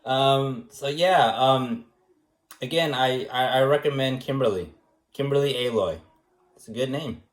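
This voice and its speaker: A man giving a rambling, joking recommendation speech as an art teacher, teasing in a deadpan way and tagging his points with questions. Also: mid-range voice, measured pace. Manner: teasing, deadpan, many fillers and tag questions. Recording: echoey room.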